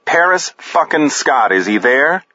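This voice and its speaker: A man's voice: medium pitch, expressive, unhurried, sharp tone, slightly rough, dry recording, dull audio, voice pushed up, heavily acted. A man reading a tough, profane woman caller in a raised voice, impatient and blunt. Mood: angry. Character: hard-bitten woman hunting her husband.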